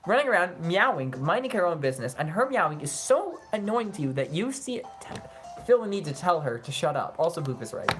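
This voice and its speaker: A young woman talks through a video game in a loose, joking way. She teases and reacts quickly. Her voice sits a little low but leaps all over the place. Faint music plays behind her. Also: sing-song. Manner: playful, teasing, quick mood swings. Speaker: gaming streamer. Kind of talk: casual let's-play commentary.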